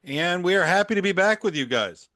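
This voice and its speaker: A man's voice: high voice, animated, brisk, sharp tone, dry recording, clean studio sound. A middle-aged man hosting a political podcast, chatting casually with a wry, sarcastic edge and frequent laughs. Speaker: podcast host. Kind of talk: casual opinionated chat.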